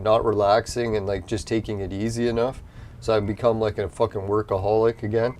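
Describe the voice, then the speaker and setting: A man's voice: fairly low pitch, darkish tone. A man from Canada hosting a gaming channel, telling a long exasperated story with constant swearing in a casual, rambling way. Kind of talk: casual ranting vlog.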